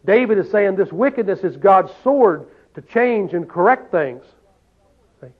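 A man with a high, expressive voice preaches an unhurried, folksy sermon, frequently posing questions to his listeners and adding "see?" The recording sounds tinny, like a phone.

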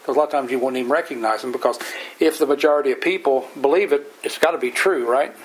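A man's voice: mid-range voice, quick pace, poor audio. A man leading an informal Bible study, telling folksy, plain-spoken stories and explaining scripture verse by verse.

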